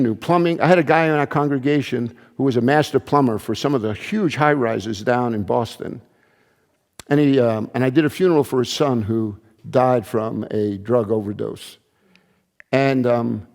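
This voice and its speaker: A man's voice: medium pitch, darkish tone, long reverb tail. A man preaching a sermon as pastor, in a conversational style with frequent restarts and asides. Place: church.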